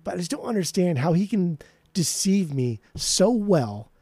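A man co-hosts a casual music podcast, ranting and cursing as he goes. His pitch swings a lot, and his tone is warm and mellow. The sound is dry and close. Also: normal speed, breathy edge, no echo. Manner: ranting, profane, animated. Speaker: podcast co-host.

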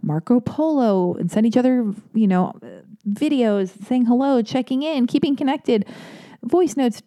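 Chatty woman with a mellow voice. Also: on the high side, normal speed, no room sound, studio quality. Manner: chatty, rambling, animated asides. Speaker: podcast host. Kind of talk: casual solo podcast talk.

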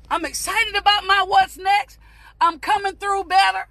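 A preacher delivering a mock sermon, shouting in a rhythmic, repetitive cadence and breaking into whooping cries. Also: extremely high pitch, level tone, moderate pace.

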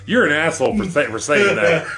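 A man's voice: a little high, expressive, fairly quick, a loud crowd. A man casually telling a rambling, profane story in a chatty podcast, laughing as he goes.

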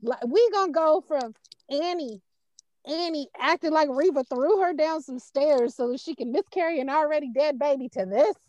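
A woman co-hosting a podcast, chatting casually in a blunt, profane, animated way and acting out her own reactions. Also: high-pitched, moderate pace, dry recording, dull audio. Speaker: podcast co-host.

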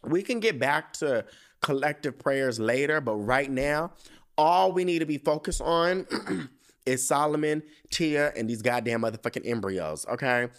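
A man hosting a solo podcast in casual chat, telling stories in slangy, profane speech, breaking into laughter and leaping up high when he quotes himself. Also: unhurried. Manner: animated storytelling, jumping into high excited quoting, frequent laughter. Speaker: podcast host.

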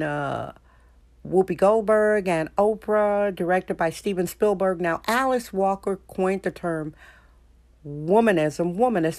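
A woman hosting a solo podcast, talking in an opinionated, emphatic way with lots of rhetorical questions. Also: fairly low pitch. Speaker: podcast host.

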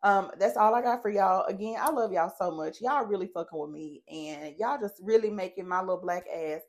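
Woman host doing a solo podcast rant: animated, profane, talks right to her listeners. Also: mid-range voice, a little fast.

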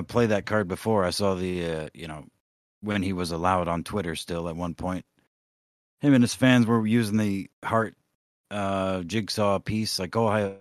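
A man's voice: fairly low pitch, dry recording, clean studio sound. A man co-hosting a podcast in casual chat, ranting with lots of swearing and rambling asides. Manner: profane, rambling rants. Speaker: podcast co-host.

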